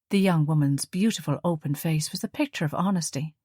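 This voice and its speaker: Woman audiobook narrator, low-ish voice, dry close studio sound, measured. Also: warm tone, husky, dry recording. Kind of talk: scripted narration.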